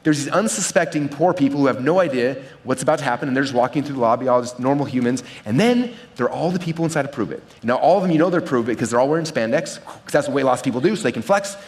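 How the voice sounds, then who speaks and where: A man's voice: medium pitch, lively intonation, fast, hardly any pauses. A man giving a live seminar talk to an audience, telling stories energetically and checking in with his listeners. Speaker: seminar speaker teaching marketing.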